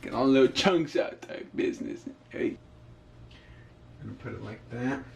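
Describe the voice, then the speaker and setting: A young man's gravelly, medium-pitched voice moves at a moderate pace with lively intonation as he jokes and rambles through a cooking vlog, amused by himself. It's recorded on a camera mic in his echoey home kitchen, with sizzling and frying audible throughout.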